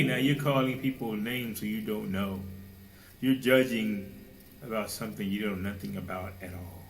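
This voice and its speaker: A man's voice: moderate pace, a little hiss or hum, low-quality recording. Fervent male preacher asking rhetorical questions. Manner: fervent, rhetorical questions, mocks people in high voices. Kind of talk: sermon.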